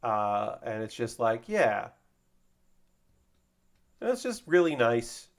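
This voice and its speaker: A man streaming while he builds a model kit, casually chatting and retelling an anime episode in a rambling, animated way. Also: medium pitch, takes it slowly.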